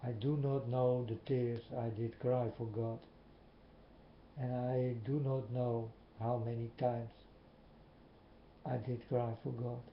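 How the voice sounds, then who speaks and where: Man talking very slowly and earnestly straight to camera, muffled echoey recording. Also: mid-range voice, flat delivery. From Netherlands. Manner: slow, repetitive, earnest questioning. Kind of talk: slow earnest monologue to viewers. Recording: muffled, echoey room with faint hiss.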